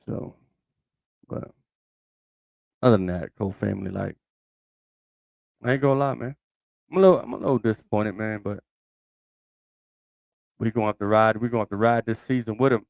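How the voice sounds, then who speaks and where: A man's voice: fairly low pitch, normal speed, gravelly, pauses often, a little mellow, dry recording. A man hosting his own sports podcast, talking loosely and thinking aloud with many fillers and restarts. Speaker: podcast host. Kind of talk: casual solo sports commentary.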